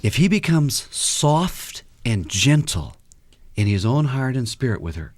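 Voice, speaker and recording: A man speaking as a guest counselor on a radio talk show, his middle-pitched voice rising and falling a great deal. He tells stories with energy and acts out what people said. The sound is close and dry. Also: unhurried, dry recording. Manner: animated storyteller who acts out quotes.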